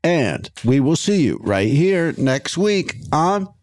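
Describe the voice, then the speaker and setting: A man's voice: fairly high pitch, sing-song, slow pace, darkish tone, dry recording, studio quality. A man hosting a comedy podcast, laid-back and goofy as he runs through plugs. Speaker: podcast host. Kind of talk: casual comedy chat.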